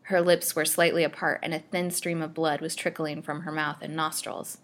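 A woman narrating a serialized gothic storybook with a dramatic, expressive reading. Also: sits low, normal speed.

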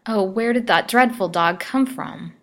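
A woman's voice: mid-range voice, unhurried, fairly bright tone, voice pushed up. A woman voicing a frightened young girl held captive, timid at first but dauntless. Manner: frightened, pleading.

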